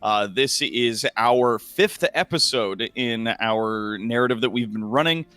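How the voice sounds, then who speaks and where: Canadian male GM, bright voice, hammy, lots of laughs, dry close mic, faint music bed. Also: mid-range voice, unhurried, clear, resonant tone, no room sound. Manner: hammy, enthusiastic, laughs a lot. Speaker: game master. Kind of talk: hosting and narrating a tabletop game.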